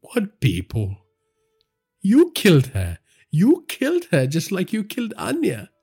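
A man reading a crime audio story and voicing a hysterical, grieving young man who whines and rises to shrill cries. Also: very animated, unhurried, darkish tone, husky, faint music behind. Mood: anguished. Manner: whining, rising to shrill cries.

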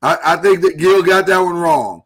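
A man hosting a live talk show, speaking earnestly and haltingly while he holds back emotion. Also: sits high, slightly rough. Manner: earnest, halting, with many restarts. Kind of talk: casual live-stream talk.

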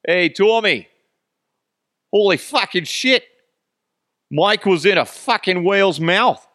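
A man putting on a crude, excited New England working guy with an attempted Boston accent that keeps slipping. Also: high-pitched, slow pace, no echo, studio quality, pitched above the performer's own voice, exaggerated voice. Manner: shouting, swearing, botched accent.

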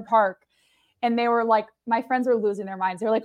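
A woman's voice: medium pitch, quick pace. A woman co-hosting a podcast in casual chat, joking and swearing as she tells stories. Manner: animated, joking storyteller who swears. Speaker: podcast co-host.

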